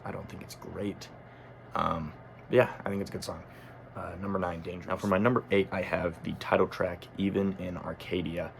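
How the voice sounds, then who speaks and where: A man's voice: low voice, gravelly, slight background noise. A man talking casually as a music critic, thinking aloud with frequent ums and self-corrections. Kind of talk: casual album review monologue.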